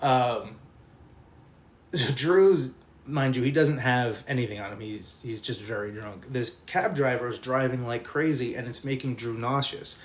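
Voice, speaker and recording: At a measured pace and medium pitch, a young man recounts a long college story to viewers in his stream chat. The telling is lively and foul-mouthed, punctuated by his own laughter.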